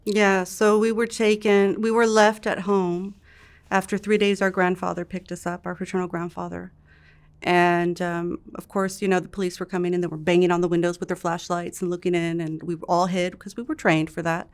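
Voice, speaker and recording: Low, flat-voiced woman recalling childhood. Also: clear, resonant tone. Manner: halting, soft-spoken with restarts. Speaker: interview guest. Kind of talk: recounting a childhood memory.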